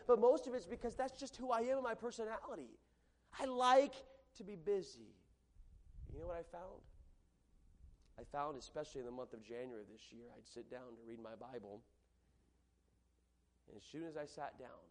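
A middle-aged man preaching a sermon as pastor, emphatic, swinging from loud repeated yeses to hushed warnings. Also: high voice, expressive, a little fast, long pauses.

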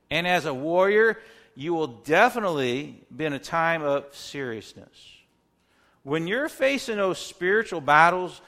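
A man's voice: a little high, pushed and bright. A man preaching a sermon in an earnest manner, often repeating words as he stresses a point and acting out sample prayers. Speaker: pastor.

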